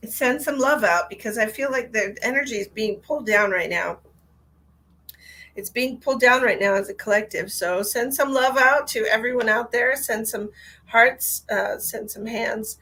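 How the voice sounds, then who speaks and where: A woman's voice: fairly high pitch, normal speed, bright, forceful tone, breathy edge, low-quality recording. A woman working as a psychic medium, giving a live-streamed reading in a soothing voice and guiding her viewers through a short meditation.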